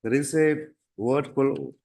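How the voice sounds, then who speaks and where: A man with an Indian English accent arguing his own case before a judge, formal and deferential, pausing often and saying "my lord" again and again. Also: medium pitch, a little mellow. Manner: halting, deferential, repeats 'my lord' constantly. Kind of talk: formal courtroom submission.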